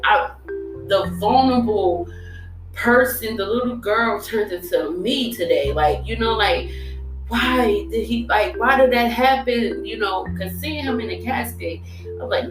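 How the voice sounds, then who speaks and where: A young woman telling a candid personal story, bluntly and emotionally, swearing and laughing often. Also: medium pitch. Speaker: storytelling host. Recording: echoey room, voice far from mic.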